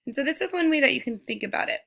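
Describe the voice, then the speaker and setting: A woman teacher giving a recorded phonics lesson to young children, sounding out words slowly and speaking to them directly. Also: high-pitched, animated, gravelly, a bit bright. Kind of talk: slow, deliberate remote phonics lesson.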